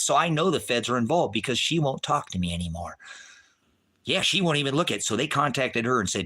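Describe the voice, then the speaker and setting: A middle-aged man ranting to his viewers in a profane, rambling way, swinging from low muttering to shouting. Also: big pitch swings, brisk, breathy edge. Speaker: livestreamer. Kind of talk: agitated direct-to-camera rant.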